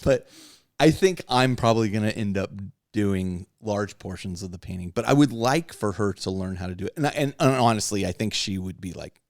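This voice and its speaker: A man's voice: on the low side, fairly quick, no echo, clean studio sound. A man hosting a podcast, chatting casually and candidly about his hobby and life, rambling and laughing often. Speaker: podcast host.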